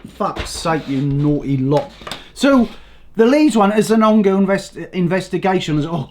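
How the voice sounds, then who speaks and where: An older Englishman with a hoarse voice rants about politics in a blunt, sweary vlog. His pitch swings widely as he talks, rising and dropping from one phrase to the next. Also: animated, a little slow, darkish tone, a little hiss or hum. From England. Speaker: vlogger. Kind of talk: ranting political commentary.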